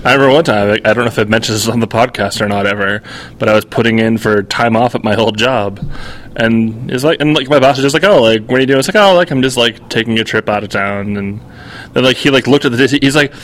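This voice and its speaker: A man's voice: lowish voice, quick pace. Rambling man on a podcast. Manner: rambling, heavy use of "like", animated retelling. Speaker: podcast co-host. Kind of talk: casual chat.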